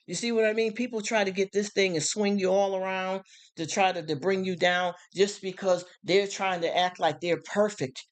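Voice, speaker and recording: A man in a casual live stream, talking frankly about faith and daily life, often asking if listeners follow him. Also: high-pitched. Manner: frank and streetwise, preachy in bursts.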